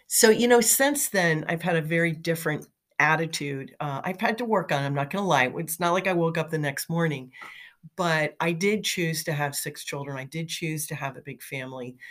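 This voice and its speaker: A woman's voice: sits low, moderate pace, fairly bright tone. A middle-aged woman talking in a chatty, motivational way, telling anecdotes with fillers and light laughs. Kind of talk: casual motivational storytelling.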